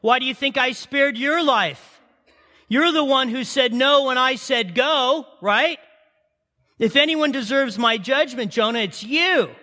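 A man's voice: very high-pitched, a little slow, pushed and bright, pitched above the performer's own voice, exaggerated voice. A man voicing God in a sermon, stern and compassionate, delivering an emphatic, pleading rebuke to a prophet. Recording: long reverb of a large hall.

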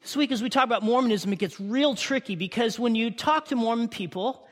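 A pastor preaches a sermon in a high, light male voice that fills a church hall, each phrase trailing off in a long echo. His delivery is brisk, a bit bright, emphatic and conversational, and he often checks in with the congregation.

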